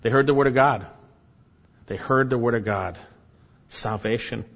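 A man's voice: mid-range voice, moderate pace, creaky. Preaching man in a reverberant hall. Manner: exclaims and repeats for emphasis, asks rhetorical questions. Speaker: pastor. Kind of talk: expository sermon. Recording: muffled sound with long hall reverb.

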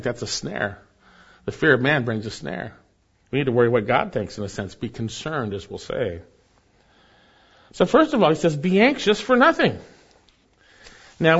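A male pastor preaching a sermon, rising for emphasis and then dropping soft. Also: fairly high pitch, breathy edge, muffled recording.

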